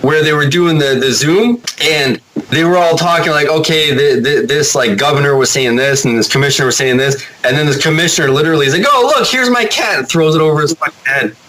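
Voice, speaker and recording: A man chatting casually as a podcast guest, rambling and animated, swearing now and then. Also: a little high, fast, few pauses, slight background noise, rough recording. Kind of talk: casual chat.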